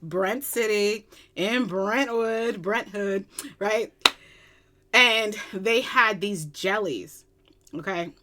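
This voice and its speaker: Giddy, excitable woman with a bright voice. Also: mid-range voice, drawn-out words. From Long Island, New York. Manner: excitable and giddy, gushing with bursts of squealing. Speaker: music reaction vlogger. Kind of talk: casual chat. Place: at home at her computer.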